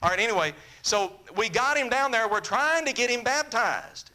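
A man preaching a sermon, telling a story in an earnest, animated way that drops to a soft, intimate tone. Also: extremely high pitch, normal speed.

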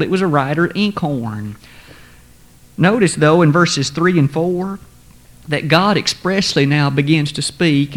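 A man preaching a sermon in a measured, formal and emphatic way. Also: on the high side.

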